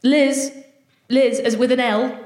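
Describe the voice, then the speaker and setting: A woman's voice: sits high, flat delivery, unhurried, a little mellow. A woman performing a stand-up set at a live show, chatting with audience members between jokes. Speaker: stand-up comedian. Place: large live venue before an audience. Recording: roomy live hall with faint noise.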